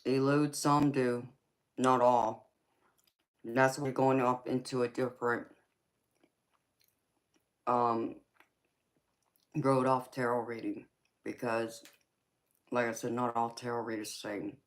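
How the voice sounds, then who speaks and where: A woman's voice: extremely low pitch, flat delivery, measured pace, long pauses. A middle-aged woman with a Southern US accent, hosting a casual livestream and answering viewer comments, calling people sweetheart and honey. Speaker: tarot reader and livestream host.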